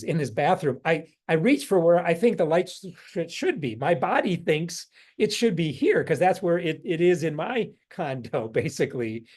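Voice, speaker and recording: Gentle rambling man, higher voice. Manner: gentle, rambling, chuckles often, softens into quiet repeated phrases. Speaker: workshop leader. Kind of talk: guided meditation teaching. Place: a room indoors.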